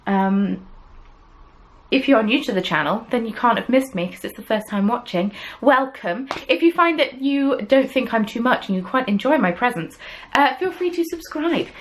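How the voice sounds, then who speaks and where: A woman's voice: on the high side, lively intonation, moderate pace, poor audio. A young adult woman, hosting a crafting podcast in casual, self-deprecating chat full of ums. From England. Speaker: podcast host. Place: home desk.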